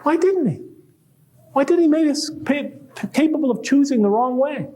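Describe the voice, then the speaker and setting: A man's voice: very high voice, normal speed, dark tone. A man giving a conversational public lecture to a live audience, asking rhetorical questions and reading quoted verses aloud.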